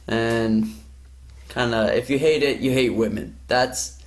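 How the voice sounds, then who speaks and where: A man's voice: medium pitch, takes it slowly. A man hosting a podcast, swearing freely as he tells a workplace story in casual chat. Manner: profane, animated storytelling. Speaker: podcast host.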